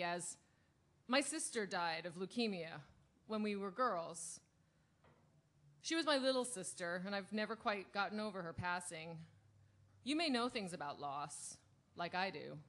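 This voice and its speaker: Brief: woman as a bright, sugary celebrity letter-writer, audio drama. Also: medium pitch, expressive, normal speed, natural voice. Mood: gushing. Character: gushing famous TV actress writing a charity letter.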